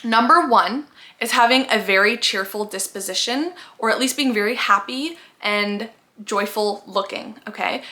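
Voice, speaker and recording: A woman's voice: a little high, sharp tone. A young woman in her twenties giving friendly advice in a chatty, upbeat vlog, often saying "like". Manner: chatty and upbeat, many "like" fillers. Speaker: vlogger.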